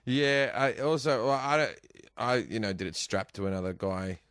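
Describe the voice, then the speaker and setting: A man's voice: fairly low pitch, normal speed, smooth, dry recording. Aussie comedian guy telling crude stories on a podcast mic, dry close sound. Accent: Australian. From Australia. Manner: animated, crude jokey storytelling. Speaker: guest comedian. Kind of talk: casual podcast chat, storytelling.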